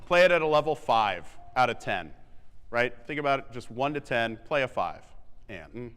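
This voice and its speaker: A man coaching a wind band in rehearsal, giving quick feedback, singing melodic lines on syllables and counting the players in. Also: medium pitch, animated. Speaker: band clinician. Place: large theatre stage. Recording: echoey hall, long reverb.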